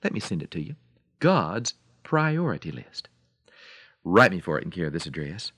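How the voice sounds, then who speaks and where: A man hosting a religious radio program, telling a fable with animated delivery and then giving a quiet, earnest appeal. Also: deep voice, very fast, husky, dry recording. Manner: animated storyteller, bright voices for animals. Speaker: radio minister. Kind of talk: radio devotional storytelling.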